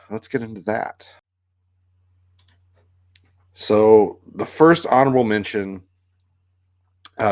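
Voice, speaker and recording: A man's voice: sits low, darkish tone, no room sound, clean studio sound. A man hosting a casual solo talk video, rambling with lots of fillers and restarts. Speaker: video host.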